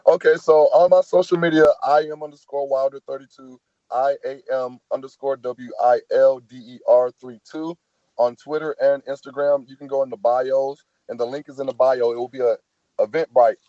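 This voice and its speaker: A relaxed man with a Southern US accent talks through stories as a podcast guest, dropping "man" and "you know" as he goes. His voice is mellow and dark. The audio is dry and a little dull. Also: medium pitch, normal speed, no echo. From American South. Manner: laid-back, storytelling, says "man" often. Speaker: football player guest. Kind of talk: casual podcast chat.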